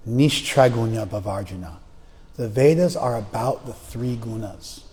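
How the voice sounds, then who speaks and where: This man's voice is warm and medium in pitch, sounding as if he's in a large hall. He's a spiritual teacher lecturing on scripture in a classroom, chanting verses, then unpacking them in everyday words and acting out stories with voices.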